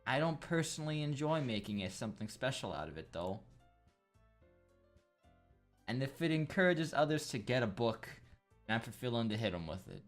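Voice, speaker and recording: A man's voice: medium pitch, very animated, moderate pace, long pauses, faint music behind, lightly acted. A man voicing a cheerful teenage girl who presides over a school club in an anime-style game, using a put-on singsong accent. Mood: chirpy.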